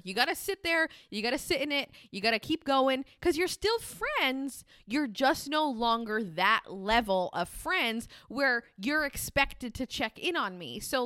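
A woman's voice: fairly high pitch, a bit bright, dry recording, studio quality. A young woman hosting a podcast, giving casual, candid advice and swearing freely. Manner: candid, swears casually, acts out sample dialogue. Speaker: podcast host.

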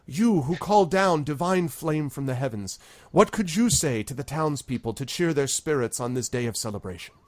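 A man's voice: fairly high pitch, expressive, normal speed, pitched above the performer's own voice, lightly acted. Man voicing a stately woman town leader. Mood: ceremonious. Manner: ceremonious, stately address.

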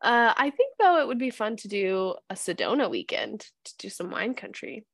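A woman co-hosting a casual podcast chat, an animated storyteller who acts out the voices of the people in her stories. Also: mid-range voice, moderate pace, creaky, dry recording, studio quality. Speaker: podcast co-host.

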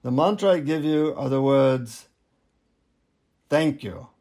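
A man voicing a serene old male Indian guru with an Indian accent, speaking in a slow, instructive way. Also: medium pitch, dark tone, close to an everyday voice. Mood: solemn.

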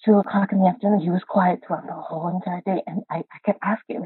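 A woman's voice: lowish voice, steady tone, breathy edge, dry recording. Frustrated woman caller on a tinny line. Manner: frustrated, halting, many restarts. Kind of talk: live call-in chat. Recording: dry tinny call line.

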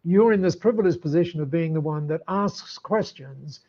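An older man, a podcast guest, telling stories in an animated way with many restarts and laughs. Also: a little high, normal speed, lo-fi sound. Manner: animated, warm storyteller with frequent restarts and laughs. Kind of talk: storytelling in an interview.

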